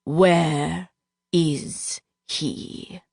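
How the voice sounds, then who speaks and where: A woman voicing an unhinged, cruel male duke villain who hisses his words slowly and menacingly. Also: low voice, fairly even intonation, creaky, a little mellow, husky, no echo, clean studio sound, full character voice. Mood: frantic. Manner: hissing, slow and menacing.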